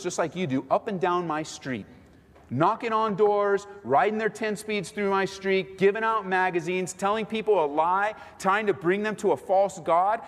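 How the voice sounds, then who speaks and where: Male pastor, animated preacher with a fairly high, lively voice, echoing sanctuary. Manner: animated, acts out quoted voices. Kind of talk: sermon. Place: church sanctuary.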